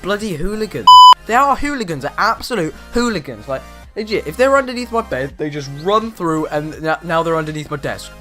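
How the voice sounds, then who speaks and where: A teenage boy rambling in casual chat from his bedroom, animated and exaggerating with slang. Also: a little high, a little fast, soft background music. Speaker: vlogger.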